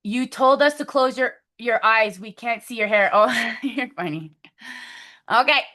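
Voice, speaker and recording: A woman leading a motivational video call for her sales team, upbeat and coaching, breaking into excited affirmations. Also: fairly high pitch, measured pace. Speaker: team leader.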